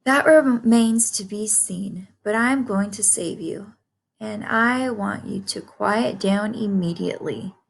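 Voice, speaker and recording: Lady reading as a sweet calm spider, musical but no-nonsense, slow pace. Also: mid-range voice, vocal fry. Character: calm brisk female spider.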